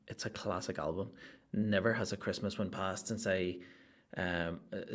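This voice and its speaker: Young northern irish guy riffing on his comedy podcast, lowish voice, sweary and rambly. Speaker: podcast host.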